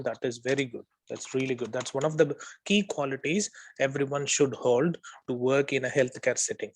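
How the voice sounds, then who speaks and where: A man's voice: medium pitch, slight background noise. A man tutoring, giving spoken feedback on a student's role play. He corrects mistakes one by one, repeats the right phrase, and keeps checking in with "okay?". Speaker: OET tutor.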